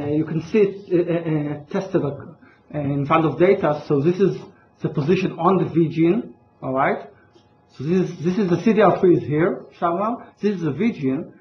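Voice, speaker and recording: A man giving an academic conference talk, hesitant, with many fillers and restarts. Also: fairly high pitch. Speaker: conference speaker. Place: large lecture hall. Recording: echoey lo-fi hall recording, faint noise.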